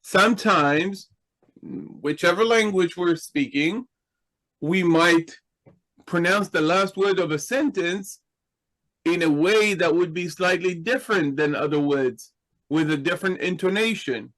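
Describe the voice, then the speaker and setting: A man's voice: high-pitched, measured pace, a bit bright, low-quality recording. A man teaching a class in a patient, explanatory way, asking his students questions. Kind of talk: slow, deliberate Hebrew grammar lesson.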